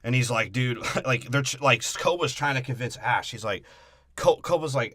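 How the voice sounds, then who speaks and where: A young man with a bright, forceful voice, trading crude jokes on a podcast movie recap. He recorded close to the mic in a dry room with no reverb, and he drops into quick silly character voices as he talks. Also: mid-range voice. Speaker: podcast co-host. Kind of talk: casual comedic movie recap.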